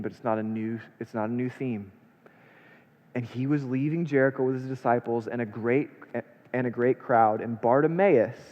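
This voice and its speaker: A man preaching a sermon, reading scripture aloud and then unpacking it with rhetorical questions, his delivery swinging between hushed and emphatic. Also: mid-range voice. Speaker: pastor. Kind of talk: expository sermon. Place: church sanctuary. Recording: long church reverb, dull lo-fi sound.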